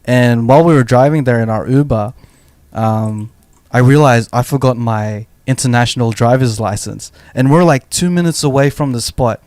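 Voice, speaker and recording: A man's voice: medium pitch, moderate pace, a little mellow, no room sound. A man co-hosting a casual podcast, telling stories in a rambling way with many restarts. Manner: rambling, frequent restarts, storytelling. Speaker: podcast co-host.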